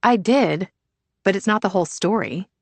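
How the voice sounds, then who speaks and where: A woman narrating a first-person thriller audiobook in a measured, even storytelling manner. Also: medium pitch, no echo.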